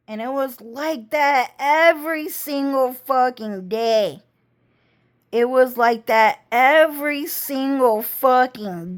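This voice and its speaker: A woman telling a rambling story to her camera, cursing constantly. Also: fairly high pitch. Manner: rambling, heavy cursing, slow drawl. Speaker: vlogger. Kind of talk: casual storytelling monologue.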